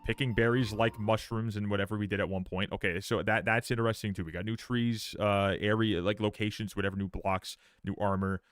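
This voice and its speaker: Low-voiced man doing stammery stream commentary. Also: steady tone, a little fast, few pauses, no room sound. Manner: repeats words and restarts sentences; sarcastic and profane. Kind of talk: live-stream reaction commentary.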